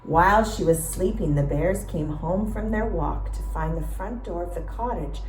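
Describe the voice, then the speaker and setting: A woman reading a children's story aloud, slow and expressive, pausing to ask the listeners questions. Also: fairly low pitch. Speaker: storytime reader. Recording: echoey room.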